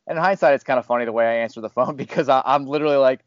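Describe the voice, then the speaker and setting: A man's voice: mid-range voice, rapid-fire, few pauses, no echo, lo-fi sound. A man hosting a casual podcast, talking candidly and rambling a little, with self-deprecating humor. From Louisville, Kentucky area. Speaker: podcast host, fired radio host.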